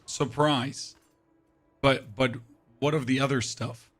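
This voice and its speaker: A hoarse-voiced man chats casually with his stream audience while playing. His voice is worn nearly away and sits at an ordinary, mid-range pitch. He speaks in a flat, unemphatic monotone. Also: slow pace. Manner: talks to chat with frequent "right?". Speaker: game streamer.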